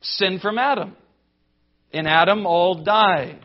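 A man preaching a sermon in an emphatic, deliberate way, building points through rhetorical lists. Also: sits high, lo-fi sound. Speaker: pastor.

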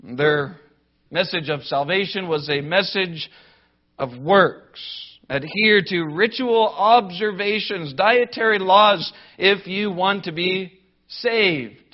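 High-voiced guy preaching slow and emphatic, kinda dull lo-fi sound. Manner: emphatic, deliberate preaching with rhetorical lists. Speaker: pastor. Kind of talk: sermon.

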